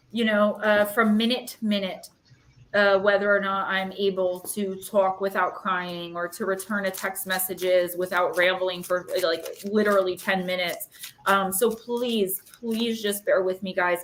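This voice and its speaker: A woman's voice: mid-range voice, a bit bright. Woman, live-stream card reader, rambling chatty talk, echoey room. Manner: chatty and rambling, fillers, emotional.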